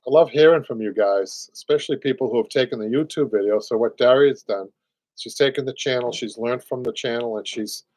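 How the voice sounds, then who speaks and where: A man's voice: medium pitch, a little fast, darkish tone, no echo. Boston guy in his 60s rambling on a live craft show, dry mic. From Boston area, USA. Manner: chatty, rambling, repeats words, laughs often. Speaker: upholstery show host. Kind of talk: casual livestream chat.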